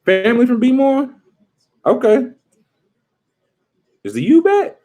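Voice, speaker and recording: A man casually chatting with his livestream viewers, joking around and breaking into quick impressions. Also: extremely high pitch, very animated, darkish tone.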